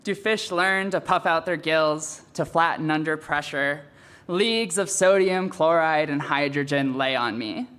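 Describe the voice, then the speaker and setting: A man's voice: fairly high pitch, measured pace, a bit bright, smooth. A young man, a student poet, reading his poems aloud at a live reading after a candid, offhand introduction.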